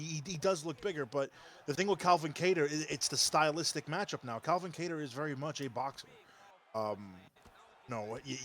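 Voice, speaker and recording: A man's voice: fairly high pitch, fairly bright tone. A man co-commentating a video game fight, hesitant, restarting his sentences as he breaks down the matchup. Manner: hesitant, many fillers and restarts.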